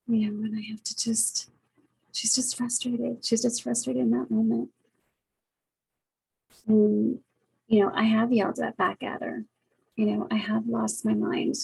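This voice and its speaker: Earnest gravelly-voiced woman caregiver. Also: a little high, flat delivery, measured pace, pauses often, dark tone, poor audio. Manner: earnest, reflective, many fillers. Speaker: caregiver vlogger. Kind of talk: casual heartfelt talk to camera. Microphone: webcam, facing camera.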